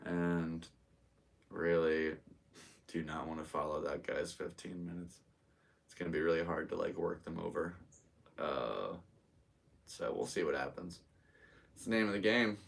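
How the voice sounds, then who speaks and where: A deep-voiced American man in his thirties hosts a solo live podcast. He chats in a loose, easygoing ramble and talks straight to his viewers. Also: measured pace, creaky, pauses often, far from the mic. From United States. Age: 30s. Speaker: podcast host and stand-up comedian. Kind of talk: casual solo livestream chat.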